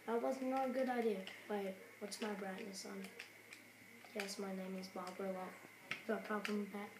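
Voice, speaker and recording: A woman's voice: medium pitch, steady tone, moderate pace. A young woman giving casual, rambling, giggly gameplay commentary with self-mocking jokes. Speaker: gamer. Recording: echoey room with clear background noise.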